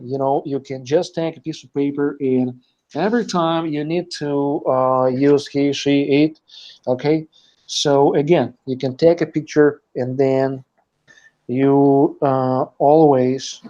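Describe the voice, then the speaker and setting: Male teacher, live online class, dark mellow voice, lots of hesitant fillers, dull lo-fi sound. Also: mid-range voice. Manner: encouraging, explains step by step. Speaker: language teacher.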